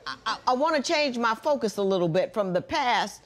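A woman's voice: a little high, lively intonation, a little fast, over a noisy crowd. A woman judge presiding over a TV courtroom, asking probing questions with dry humor. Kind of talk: courtroom TV hearing.

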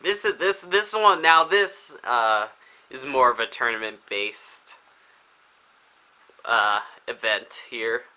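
A young man casually commenting on a video game as he plays, chatty and excitable. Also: mid-range voice, takes it slowly, poor audio. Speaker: gaming video host. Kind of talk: casual let's play commentary. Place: indoors at home, filming himself.

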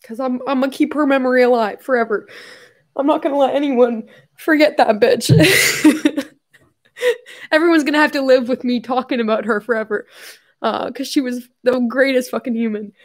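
A woman's voice: sits high, steady tone, fairly quick. A young woman hosting a casual livestream, emotional and tearful, swearing often as she reads viewer messages.

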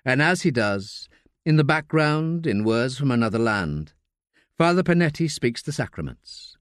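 A male audiobook narrator reads scripted narration with expressive storytelling. His mid-range voice moves at a moderate pace, and the studio sound is clean with no echo.

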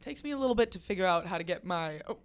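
A woman's voice: on the low side, animated, rapid-fire. A woman hosting a podcast who tells a wild story in casual chat, acting out quotes and swearing freely. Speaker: podcast host.

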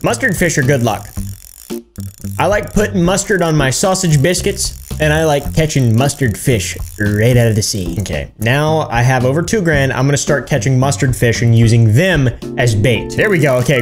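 A man giving casual gameplay commentary, excitable and yelling and cursing at the game. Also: mid-range voice, brisk, over music. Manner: excitable, yells and curses at the game. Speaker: gaming YouTuber.

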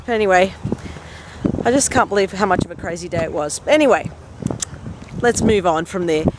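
A woman's voice: on the low side, animated, a little fast. A woman vlogging casually while out on a walk by a pond, rambling and chatty with lots of fillers. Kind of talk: casual walking vlog. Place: outdoors by a pond while walking. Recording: noisy outdoor recording.

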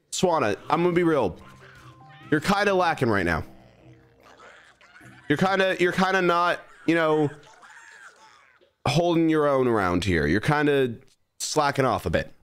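A young man streaming a game, animatedly bossing his creatures around as he plays. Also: fairly high pitch. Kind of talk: live gameplay commentary.

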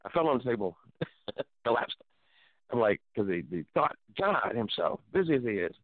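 A middle-aged man hosting a talk show, telling a story in an animated, preacherly way and exclaiming often. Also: medium pitch, normal speed, dry recording. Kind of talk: casual storytelling. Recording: dry tinny phone-like sound.

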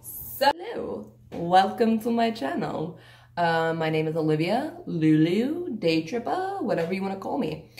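A woman's voice: medium pitch, big pitch swings, a little slow, darkish tone. A young woman vlogger chatting casually at home, rambling and joking about herself. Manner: chatty, rambling, self-mocking. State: out of breath. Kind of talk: casual chat. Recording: echoey room.

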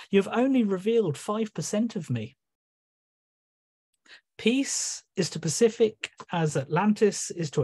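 A man's voice: a little mellow, slightly rough, full character voice. A man voicing the sea god Neptune, reading a poem in character with a raised, reproachful, questioning delivery over a video call from a room at home. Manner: questioning, reproachful, rising pitch.

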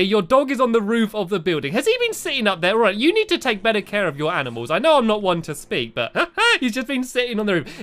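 A young man narrates his gameplay in a cheerful, excitable way. His voice sits high and swings widely in pitch. He chats playfully with a friend and his viewers as he goes. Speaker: gaming video host. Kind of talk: playful let's-play commentary.

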